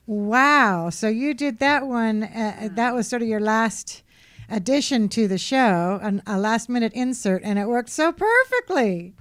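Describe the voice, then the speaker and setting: A woman's voice: a little high, animated, a little slow. A woman hosting a radio interview, nudging her guests along with frequent short affirmations. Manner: encouraging, many short affirmations. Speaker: radio show host.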